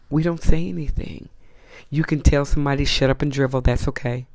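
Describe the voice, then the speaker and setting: A man's voice: mid-range voice, steady tone, a little fast, darkish tone, no echo, clean studio sound. A man hosting his own channel, delivering a blunt, profane, outraged opinion rant to the camera and hammering his points home. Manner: repeats points for emphasis. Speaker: host.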